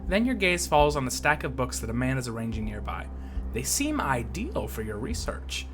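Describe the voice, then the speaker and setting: Playful game reader with bright, lively voice. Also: medium pitch. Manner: playful, laughs often, self-mocking. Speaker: game streamer. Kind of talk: reading a narrative game aloud with commentary.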